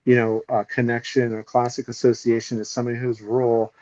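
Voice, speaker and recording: A man's voice: medium pitch, completely flat delivery, brisk, warm tone, dry recording, highs cut off. A man co-hosting a podcast, ranting casually with heavy swearing and strong opinions. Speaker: podcast co-host.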